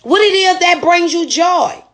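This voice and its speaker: A woman's voice: very high-pitched, a little slow, fairly bright tone, soft background music. A woman store owner telling a motivational testimony in a folksy, preachy storytelling way.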